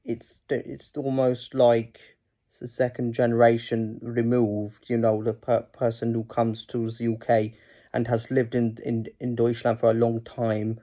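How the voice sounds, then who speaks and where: A man's voice: medium pitch, little pitch movement, measured pace, mellow, natural voice. A man putting on a German accent, playing a careful, articulate German long settled in the UK. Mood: measured. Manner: careful, articulated, slightly camp.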